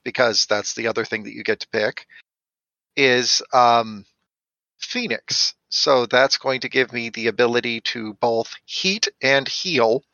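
An experienced player with a bright, forward voice explains his choices cheerfully. The recording is dry and a bit muffled. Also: medium pitch, fairly even intonation, a little slow, dry recording. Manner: explanatory, upbeat. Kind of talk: casual chat.

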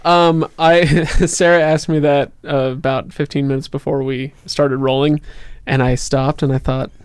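A man's voice: a little high, little pitch movement, normal speed, clean tone, no room sound. A man co-hosting a podcast, telling stories in casual, rambling chat. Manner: rambling storyteller with restarts. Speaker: podcast co-host.

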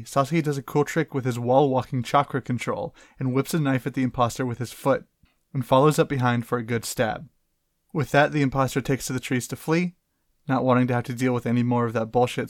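A man's voice: mid-range voice, no echo. A man co-hosting an anime podcast, speaking casually with a dry, wry manner and reading episode summaries. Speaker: podcast co-host. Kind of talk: casual chat and read summary.

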